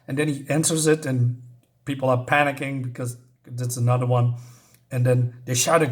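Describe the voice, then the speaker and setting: A man casually retelling a horror story, rambling and filling pauses with many ums while searching for words. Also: mid-range voice, little pitch movement.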